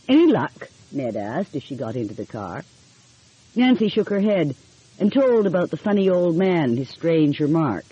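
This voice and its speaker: A woman's voice: deep voice, mellow, breathy edge, no room sound, muffled recording. A woman narrating a mystery audiobook in a cozy storytelling manner.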